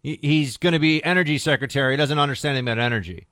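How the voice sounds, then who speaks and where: A man's voice: a little high, rapid-fire, pushed and bright, no room sound, studio quality. A man hosting a political talk radio show, sarcastic and combative, reading press quotes aloud.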